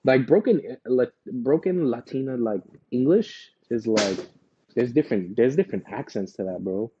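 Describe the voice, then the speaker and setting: Mellow-voiced man, rambling podcast chat. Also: medium pitch, expressive, normal speed, muffled recording, a little hiss or hum. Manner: laid-back, rambling with many fillers and restarts. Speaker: podcast co-host. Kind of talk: casual chat.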